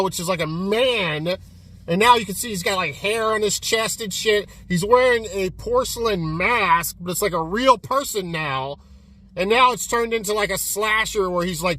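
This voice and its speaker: A man vlogging casually about his movie collection and fast food, rambling, repeating words and swearing as he goes. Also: high-pitched, sharp tone, no room sound. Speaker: physical media collector vlogger. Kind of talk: casual vlog rant.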